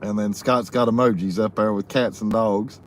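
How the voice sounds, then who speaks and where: A man's voice: fairly low pitch, fairly even intonation, normal speed, a little hiss or hum. A man hosting a live stream, reading viewer comments aloud in a folksy way and laughing often. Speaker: livestream host reading chat comments. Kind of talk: casual live chat.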